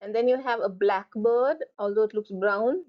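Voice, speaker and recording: A woman's voice: mid-range voice, moderate pace. A woman teaching French from slides, repeating each word several times so learners can copy her pronunciation. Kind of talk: recorded slide lecture. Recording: dull lo-fi recording.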